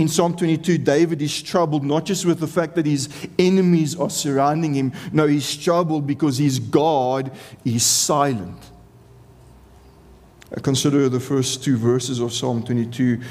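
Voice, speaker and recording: Impassioned slow-preaching man in a hall. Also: medium pitch, a little mellow. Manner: earnest, impassioned, repeats phrases for emphasis. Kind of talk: sermon. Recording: long reverb of a large hall.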